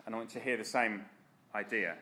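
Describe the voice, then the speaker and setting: A man's voice: on the low side, steady tone, a little fast, sharp tone. A man preaching a sermon in an earnest, direct, exhorting way.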